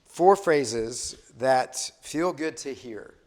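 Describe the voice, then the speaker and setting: A man teaches a faith lesson in an easy, conversational way, putting questions to the room as he goes. He often circles back and restarts his phrases mid-thought, and his pitch sits in a middle range. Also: expressive, drawn-out words, darkish tone. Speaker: Bible study teacher. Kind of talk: interactive class teaching.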